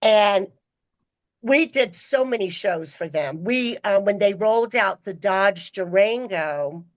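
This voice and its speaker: A middle-aged woman, a podcast guest, telling stories in a casual, animated way and acting out the people she quotes. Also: highs cut off. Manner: animated, acts out quoted voices with pitch jumps. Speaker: podcast guest, former personal assistant. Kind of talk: casual storytelling.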